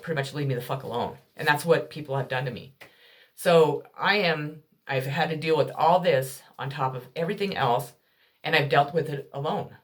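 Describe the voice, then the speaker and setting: A woman telling her life story in a raw, emotional monologue, swearing often and voicing hurt and anger at people who left her. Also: deep voice. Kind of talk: candid personal monologue.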